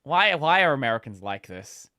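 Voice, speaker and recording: A man's voice: mid-range voice, sing-song, moderate pace, background noise. An Australian man streaming a reaction to a video, blunt and sardonic, swearing freely. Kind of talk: casual reaction commentary.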